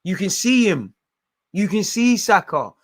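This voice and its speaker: A young man reacts live to a football match on his stream, barking orders at the players. His voice sits a little high, and he swings between muttered frustration and loud, slangy outbursts. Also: big pitch swings, unhurried, dry recording, clean studio sound.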